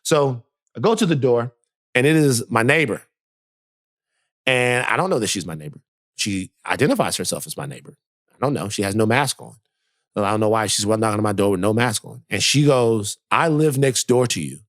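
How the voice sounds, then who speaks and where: Animated storytelling man, dry close sound. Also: fairly low pitch, brisk, no echo. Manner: animated storyteller, acts out quotes. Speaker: podcast co-host. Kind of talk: casual chat, storytelling.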